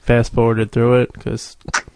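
Gravelly male podcast host. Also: medium pitch, monotone, moderate pace, no echo. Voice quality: laid-back, jokey, trails off with fillers. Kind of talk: casual gaming chat.

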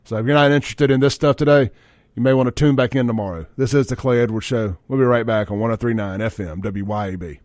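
A man's voice: mid-range voice, steady tone, fast talker, a little mellow, no room sound. A man hosting a political talk radio show, blunt, fired-up and folksy.

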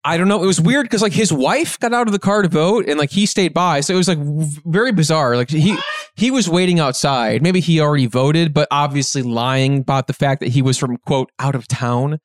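A man with a voice pitched a little above most men's tells a story on a podcast. He rambles along, stuffing in fillers and starting over mid-sentence. It is recorded close on a mic in a dry, dead room. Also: brisk, no room sound. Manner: rambling, filler-heavy, animated retelling. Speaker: podcast guest. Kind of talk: casual storytelling.

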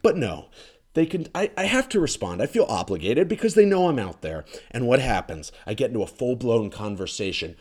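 A man delivering a sarcastic, exasperated comedic rant, swinging between loud outbursts and muttered asides, recorded close up in his condo. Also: medium pitch, big pitch swings, brisk. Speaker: ranting commentator.

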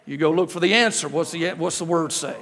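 A middle-aged man with a slightly high, somewhat bright voice preaches a little fast as a guest in a church sanctuary. His sermon features humorous stories and phrases repeated in rhetorical questions, heard in an echoey hall with lingering reverb.

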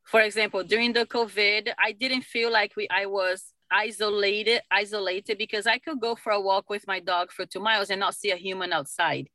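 A middle-aged woman, a mother, telling stories in a casual conversation, animated and laughing often. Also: medium pitch, normal speed, hardly any pauses, dry recording. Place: lives in Utah.

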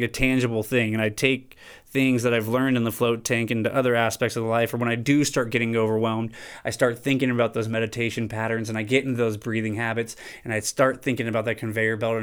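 Male podcast host, mid-pitched, smooth clear voice, loose conversational delivery. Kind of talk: casual monologue.

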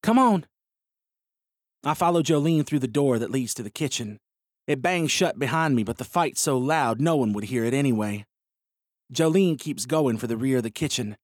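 A man reads a first-person western story in a steady, expressive voice. His pitch sits in an ordinary middle range. The recording is dry and close-miked. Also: normal speed, dry recording.

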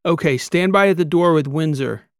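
A male starship captain, voiced by the narrator himself, barks orders as a solar flare closes in. His voice is gravelly, loud and urgent, pushed a little higher than the narration around it. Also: normal speed, dry recording, studio quality, natural voice. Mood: commanding. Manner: shouting orders.

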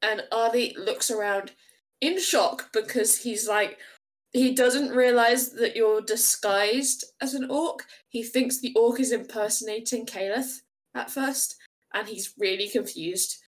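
A giggly woman narrating her character's clumsy moves at a tabletop game, often laughing at herself. Her voice sits somewhat high. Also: a little slow. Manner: giggly, self-deprecating. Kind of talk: casual tabletop role-play.

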